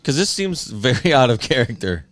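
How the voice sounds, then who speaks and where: A podcast co-host throws in sarcastic, deadpan quips. His voice sits in the middle range, and the recording is dry and close. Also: medium pitch, normal speed, no echo. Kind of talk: casual chat.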